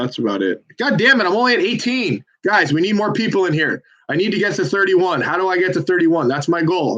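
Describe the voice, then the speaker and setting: Chatty man with a slightly high voice. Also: a bit bright. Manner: chatty, joking, persuasive salesman patter. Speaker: phone bank volunteer and livestreamer. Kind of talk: casual livestream chat while making calls. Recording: dull lo-fi audio.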